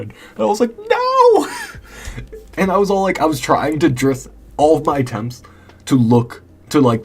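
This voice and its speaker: A man's voice: mid-range voice, slightly rough. A young man chatting casually and candidly with his stream chat late at night, rambling a little and laughing often.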